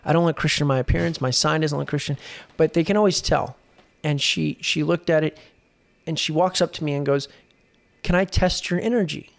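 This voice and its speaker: A man's voice: on the high side, steady tone, fairly quick, vocal fry. A young adult man, a guest on a podcast, speaking earnestly in casual conversation and often restarting his sentences. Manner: earnest storytelling with frequent restarts. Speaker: guest, exorcist.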